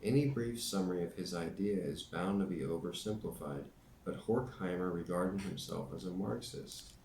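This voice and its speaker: A man with a very low voice reads a nonfiction book aloud, breaking off now and then for dry, joking remarks. The room rings around him with a noticeable echo, and faint noise sits underneath. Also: moderate pace, darkish tone. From United States. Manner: dry joking asides between read passages. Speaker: reader and teacher.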